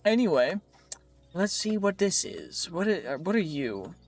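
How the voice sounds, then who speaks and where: A man's voice: sits high, very animated, a little slow, soft background music. A man giving playful, rambling let's play commentary over his gameplay, joking at his own slips. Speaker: gaming YouTuber.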